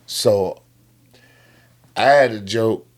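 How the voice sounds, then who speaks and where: A man's voice: fairly low pitch, extremely slow. A man from Chicago, a guest comedian, telling stories in a casual, slangy way. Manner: animated joke telling with slang. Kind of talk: casual storytelling.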